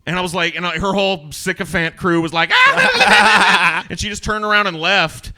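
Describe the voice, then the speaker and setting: A man's voice: sits high, fairly even intonation, fast talker, pushed and bright. A man hosting a casual podcast chat, telling stories with a lot of profanity and acting out the people he quotes. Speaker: podcast host.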